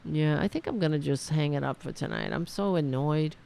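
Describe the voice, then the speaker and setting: A woman's voice: sits low, lively intonation, fairly quick, vocal fry, warm tone, slight background noise. A woman hosting a political livestream from home, chatting casually to her viewers in a profane, rambling way. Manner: profane, rambling, talks to her audience directly. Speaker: host of a political talk livestream.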